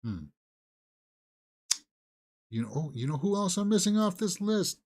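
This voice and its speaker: A man co-hosting a movie talk show, chatting casually and thinking aloud with halting restarts. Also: high-pitched, big pitch swings, a little mellow. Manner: musing, halting, with fillers and restarts. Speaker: movie news co-host. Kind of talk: casual chat.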